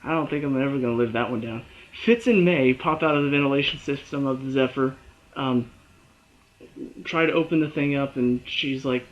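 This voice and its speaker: A man reviewing a TV episode in a casual solo talk, animated and acting out the characters' lines and his own reactions. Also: medium pitch, moderate pace, lo-fi sound. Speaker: TV show reviewer.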